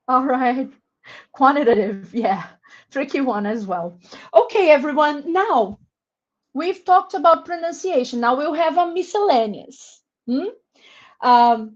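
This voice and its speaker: A woman with a Brazilian accent leading a live online webinar for English teachers, carefully explaining pronunciation and encouraging participants by name. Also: high-pitched. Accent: Brazilian Portuguese. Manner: encouraging, reads out names from chat; slow, careful word-by-word explanation. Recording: muffled lo-fi webinar audio.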